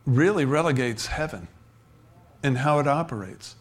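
A man preaching a sermon, his voice sitting a little high for a man. He talks conversationally, stumbling over restarts and breaking into chuckles as he drifts between points. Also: moderate pace. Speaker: pastor.

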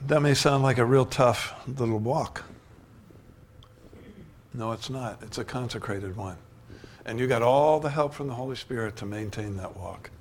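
A man's voice: mid-range voice, normal speed, pauses often, slight background noise. An older man preaching a sermon, telling stories and building to emphatic declarations. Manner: storytelling, rising to emphatic preaching.

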